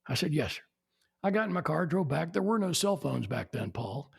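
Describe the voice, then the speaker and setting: Speaking fairly quickly, this man in his 70s guests on a podcast, telling anecdotes and lively impressions of the people he quotes. His fairly high voice is creaky with a breathy edge.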